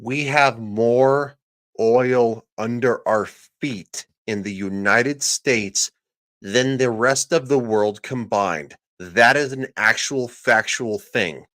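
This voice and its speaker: A man's voice: medium pitch, slow pace, pushed and bright. A man delivering a ranting reaction commentary, sarcastic, profane and mocking. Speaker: political commentator.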